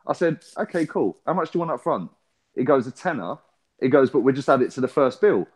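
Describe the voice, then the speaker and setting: With an expressive, mid-range voice, this Englishman co-hosts a casual podcast and spins a long story. He swears as he goes, trading rapid back-and-forth with the others.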